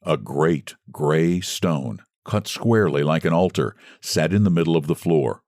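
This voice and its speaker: A man narrating a classic short story with expressive storytelling delivery, close to the mic. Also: extremely low pitch, measured pace, no echo.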